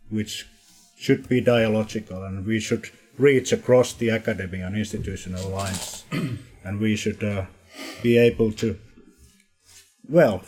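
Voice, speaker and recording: A man's voice: lowish voice, warm tone, slightly rough. A man chairing a seminar and giving hesitant opening remarks in a seminar room, with many restarts.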